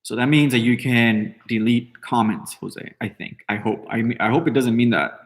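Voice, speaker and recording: A man's voice: medium pitch, normal speed. A man in his thirties hosting a podcast, talking loosely and answering chat with blunt, profane, rambling remarks. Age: 30s. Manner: brash, heavy swearing, rambling with fillers. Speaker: podcast host. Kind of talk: casual live-stream talk, answering chat.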